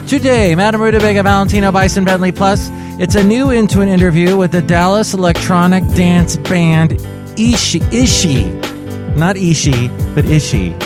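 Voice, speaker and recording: Comedy podcast host: a man with a fairly high voice, jokey, music behind him. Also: fairly even intonation, moderate pace. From California. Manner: jokey, playful delivery.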